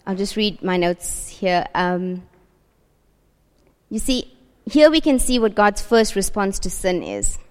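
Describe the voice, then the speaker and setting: A woman's voice: medium pitch, sing-song, slow, pauses often, a little mellow, smooth. Woman preaching in a reverberant hall. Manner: earnest, repeats rhetorical questions. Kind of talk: sermon. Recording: long reverb of a large hall.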